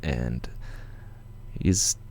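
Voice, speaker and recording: A Canadian man hosting a livestream, telling a story in an excited, rambling way with lots of swearing and restarts. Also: extremely slow, no room sound. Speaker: channel host.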